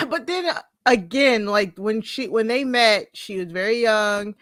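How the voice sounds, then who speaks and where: A woman's voice: fairly high pitch, measured pace, fairly bright tone, no room sound, studio quality. A woman co-hosting a casual podcast about a TV show, talking expressively and often laughing while she stacks up rhetorical questions. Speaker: podcast co-host. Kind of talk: casual pop-culture chat.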